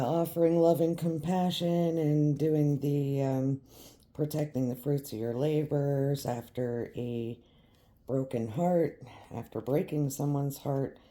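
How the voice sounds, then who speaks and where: A tarot reader speaks slowly and deliberately, with a very dark, mellow tone. The delivery is emphatic and repetitive, always addressed straight to the listener. The reading keeps circling back to the same points. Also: mid-range voice.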